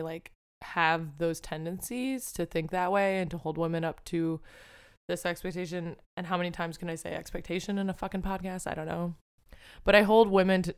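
A young woman hosts a casual solo podcast, her voice lowish and smooth. She talks candidly and rambles, often swearing and poking fun at herself.

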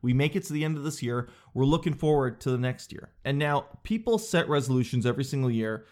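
A man talking through a comedy monologue in a sarcastic, conversational way. His voice sits at a middling pitch, and he jumps now and then into high, silly mocking voices. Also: expressive, fast talker, darkish tone.

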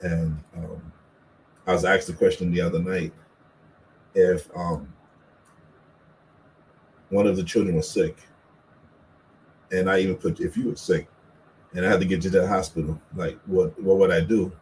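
A man's voice: low voice, flat delivery, moderate pace, pauses often, a little mellow, slight background noise, rough recording. A man talking casually with his wife about marriage, earnest and teasing, acting out what each of them says. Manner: earnest, plays the quotes of both spouses in a raised voice; playful teasing. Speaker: co-host, husband.

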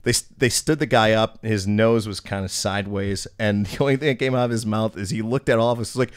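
A man's voice: fairly low pitch, brisk, few pauses, clean tone. A young man hosting a podcast, casually telling a long story with lots of swearing and acted-out quotes. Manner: profane, animated storyteller acting out quotes. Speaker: podcast host.

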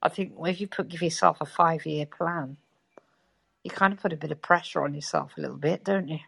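A woman calling into a casual chat, reflective and quick to laugh. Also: low voice, fairly even intonation, creaky, fairly bright tone, slightly rough, no echo. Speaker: caller.

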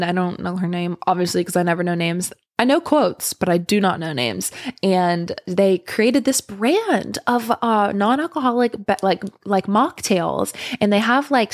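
A woman's voice: medium pitch, dry recording, clean studio sound. A young woman telling a candid storytime to her viewers, rambling and swearing freely. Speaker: vlogger. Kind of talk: casual storytime monologue.

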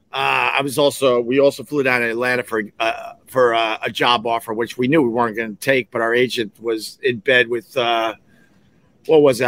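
A man's voice: mid-range voice, pushed and bright. A middle-aged man hosting a podcast, telling a rambling, digressive story and acting out the voices of people he quotes. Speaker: podcast host, former radio host. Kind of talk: casual storytelling monologue.

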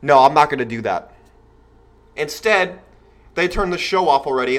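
A man's voice: fairly high pitch, moderate pace. A man in his twenties hosting a show, giving a blunt, slangy motivational talk to young men and parents, acting out the voices of others. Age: 20s. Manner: animated, acts out voices of others. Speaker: podcast host. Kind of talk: motivational monologue.

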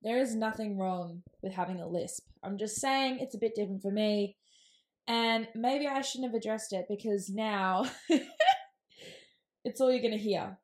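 A woman's voice: mid-range voice, big pitch swings, measured pace. A young Australian woman with a temporary lisp, rambling casually on her solo podcast and laughing often. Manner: chatty, laughs often, self-deprecating. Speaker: podcast host.

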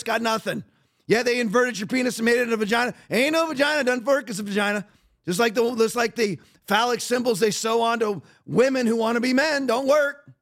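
A man's voice: very high voice, a bit bright. A man hosting a podcast, giving blunt, emphatic and mocking commentary. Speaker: podcast host.

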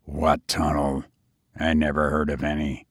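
A man voicing a gruff, distrustful brigand from a storybook, speaking low and hushed in a very deep voice. The tone is husky, and the delivery is slow and guarded. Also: monotone, dry recording, studio quality. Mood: urgent.

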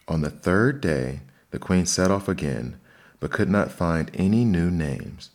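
A man reading fairy tales aloud in steady, measured storybook narration. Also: low-pitched. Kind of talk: fairy tale read-aloud.

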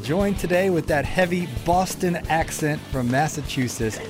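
A man's voice: a little high, normal speed, over music. A man from Georgia, hosting a podcast in a casual, folksy chat, often repeating his words. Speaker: podcast host.

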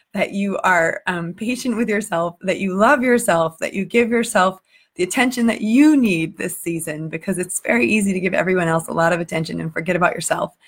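A woman's voice: mid-range voice, normal speed. Woman vlogging to her community, earnest and a bit emotional, talks straight from the heart. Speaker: community group host. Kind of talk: casual heartfelt vlog talk.

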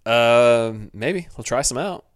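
A man's voice: mid-range voice, expressive, slow, clear, resonant tone, no echo, clean studio sound. A young man co-hosting a podcast, chatting casually and joking with frequent laughs. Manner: joking, laughs often, tries goofy voices. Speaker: podcast co-host. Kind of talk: casual chat.

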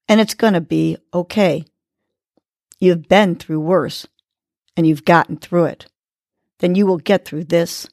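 A woman's voice: medium pitch, darkish tone, dry recording. A woman hosting a podcast, guiding listeners through a breathing exercise and giving motivational encouragement step by step. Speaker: podcast host. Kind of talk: guided breathing and motivational talk.

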